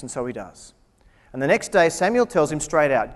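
Wry preacher in a reverberant hall. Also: male voice, on the high side, sing-song, a little fast. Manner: wry, joking asides while retelling scripture. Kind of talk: humorous sermon.

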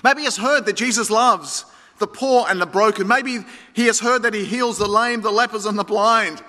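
A man delivers an emphatic sermon in a very high, bright voice. He addresses the congregation as friends. A long reverb trails every phrase in the hall. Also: moderate pace. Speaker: pastor.

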